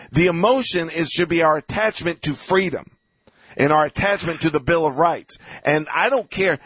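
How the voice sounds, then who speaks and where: A man's voice: on the high side, slightly rough, no room sound. A man hosting a talk radio interview, talking in an impassioned, repetitive way that builds to heated outbursts. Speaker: radio host.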